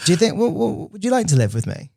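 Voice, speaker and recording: A man's voice: high-pitched, sing-song, quick pace, vocal fry, darkish tone, a little hiss or hum. A young man co-hosting a podcast in casual chat, teasing his co-host and steering the talk back on topic.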